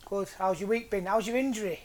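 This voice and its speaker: A man hosts a podcast in a relaxed, easygoing way. He teases his guests and keeps the banter light and jokey. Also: high voice, fast talker. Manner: joking, teasing banter. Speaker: podcast host. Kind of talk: casual chat.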